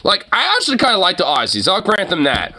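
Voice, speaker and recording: A male streamer in full rant mode, crude and profane as he reacts to posts. His voice is sharply bright and slightly high for a man. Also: wildly swooping pitch, fast, slightly rough.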